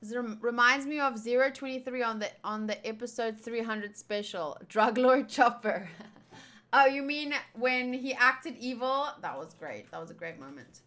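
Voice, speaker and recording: A woman reading through a manga and reacting to it in casual, excitable fan commentary, often laughing. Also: a little high, normal speed.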